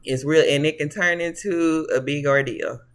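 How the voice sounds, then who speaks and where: Give me a high-voiced man doing a casual tarot reading to camera, sassy and preachy. He calls the viewers honey and baby and laughs easily between his points. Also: normal speed, clean tone. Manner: laughs often. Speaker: tarot reader.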